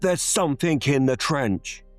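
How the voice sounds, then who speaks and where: A weary, wisecracking jungle worker shouts over the rain, as a male narrator puts him on, his voice pitched up high and pushed loud. He is a figure in a spoken horror tale. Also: expressive, moderate pace, soft background music, lightly acted. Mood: frightened. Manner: tired joking, then frantic. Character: exhausted male pipeline worker, wry and joking. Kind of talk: dramatized horror storytelling.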